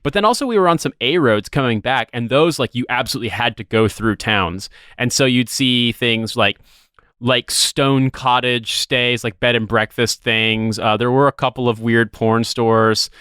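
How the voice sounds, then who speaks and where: American guy rambling on a podcast, smooth clear voice, dead dry sound. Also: medium pitch, moderate pace, fairly bright tone, dry recording. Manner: rambling, swears casually, tries silly voices. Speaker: podcast co-host. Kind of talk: casual podcast chat.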